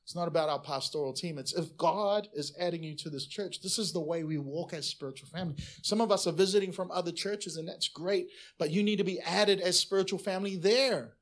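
A man pastor preaching a sermon, animated and conversational, swinging between loud bursts and quiet asides. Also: sits high, brisk, few pauses.

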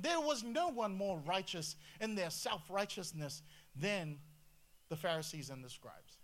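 Animated high-voiced male pastor preaching. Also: moderate pace. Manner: animated, rhetorical questions, jumps between loud and quiet. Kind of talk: sermon.

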